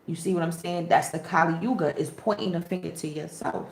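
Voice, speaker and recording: A woman spiritual reader in casual chat to camera, animated and slangy, with preachy asides. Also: lowish voice, fairly quick, creaky. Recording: echoey room.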